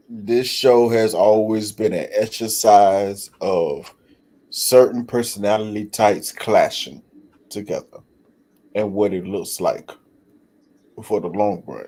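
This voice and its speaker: Man, panelist, blunt, frank, lowish voice, slow. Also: mellow. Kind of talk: casual opinion commentary.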